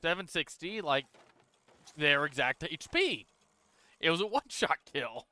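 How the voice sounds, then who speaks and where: A man narrates his moves in a video game as he streams it, in a relaxed, casual way and a little tired. His voice is bright and crisp. The sound is close and dry, with no room echo. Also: on the high side, a little slow. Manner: relaxed, talks through his moves while playing. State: tired, yawning. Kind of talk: casual gameplay commentary.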